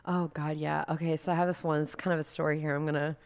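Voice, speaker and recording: A young woman with a low, gravelly voice tells rambling, self-mocking stories. She talks casually and animatedly, jumping between asides. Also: flat delivery, fast, darkish tone. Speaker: guest artist. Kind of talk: casual storytelling.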